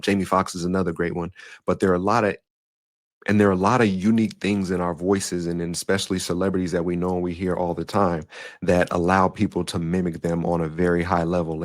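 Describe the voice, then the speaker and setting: A young man from Denver with an African American English accent and Southern touches, slightly nasal and raspy, telling stories in a casual monologue as a podcast host. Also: low-pitched, no echo, clean studio sound. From Denver, Colorado. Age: young adult. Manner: storytelling, shifts voice up and down.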